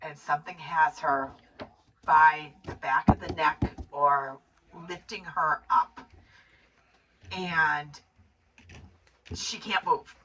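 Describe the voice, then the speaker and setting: A middle-aged woman tells a film plot in loose, rambling casual chat, jumping into the characters' voices as she goes. Her voice is bright and forceful, set a little low. She sits back from the mic, and a steady hiss runs under her. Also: slow pace, pauses often, distant mic, muffled recording. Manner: rambling, animated storytelling with acted-out quotes. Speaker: co-host recapping a movie.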